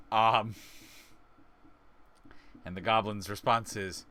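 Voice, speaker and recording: A man's voice: fairly low pitch, fairly even intonation, very slow, pushed and bright. A man narrating as game master of a tabletop game, rambling with frequent fillers and laughs.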